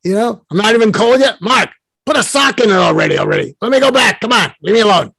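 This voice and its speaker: A man's voice: sits high, lively intonation, fast, bright, forceful tone, slightly rough, no echo, pitched above the performer's own voice, full character voice. A man putting on a Brooklyn accent to voice an impatient, grumbling older male ghost mentor. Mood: exasperated. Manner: grumbling, exasperated.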